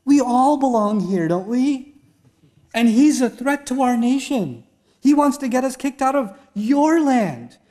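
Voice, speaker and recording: A man's voice: extremely high pitch, animated, unhurried, mellow, pitched above the performer's own voice. A man doing a scheming king sweet-talking generals. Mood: coaxing. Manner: coaxing, falsely humble.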